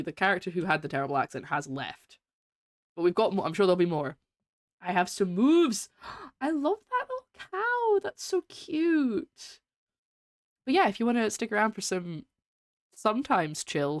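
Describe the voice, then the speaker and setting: A woman's voice: lowish voice, no room sound, studio quality. A woman variety streamer chatting casually with her viewers while playing a game, welcoming and laughing often. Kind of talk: casual live-stream chat while gaming.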